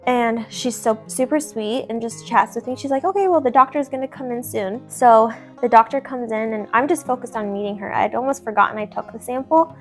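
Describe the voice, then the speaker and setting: A young woman chatting at home, telling her husband a personal story in a lively, casual way. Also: a little high. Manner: chatty, animated, laughs often while telling a story.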